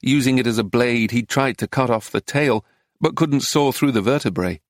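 A man with a mid-range voice narrates a memoir as an audiobook, telling the story in a measured, even way. The recording is close and dry, without room sound or echo.

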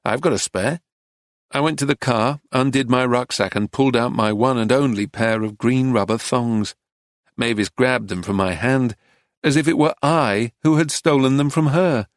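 A man's voice: medium pitch, no room sound. Man narrating a story in a dry, close voice. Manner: measured, descriptive storytelling. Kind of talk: audiobook narration.

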